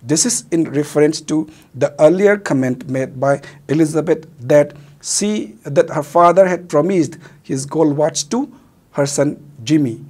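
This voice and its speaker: Man, Manipuri accent, Meitei-English mix, teacher explaining a play, husky voice, mid pitch. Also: a little mellow. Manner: mixes Meitei and English, glosses words. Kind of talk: explaining a play in a recorded lesson.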